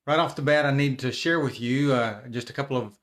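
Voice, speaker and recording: A man's voice: medium pitch, a little fast. Middle-aged man chatting casually on camera. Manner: conversational, frequent restarts and repetitions. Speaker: live video host.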